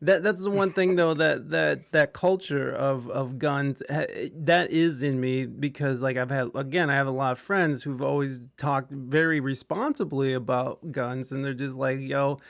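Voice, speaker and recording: A man's voice: mid-range voice, moderate pace, vocal fry, few pauses, dry recording, studio quality. A man from Ohio hosting a casual podcast chat, talking in a profane, rambling way with many stammers and restarts. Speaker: podcast host.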